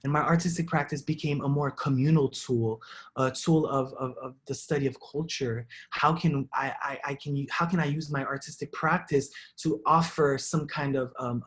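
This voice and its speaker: A young man from Haiti giving an artist talk, telling his own story in an earnest, reflective way, often restarting and repeating words. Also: mid-range voice.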